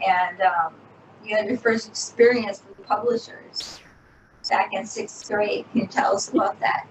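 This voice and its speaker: A woman's voice: mid-range voice, steady tone, a little slow. A woman hosting an interview, asking questions in a hesitant way with many fillers. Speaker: interview host. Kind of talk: casual interview. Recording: roomy, distant mic, faint noise.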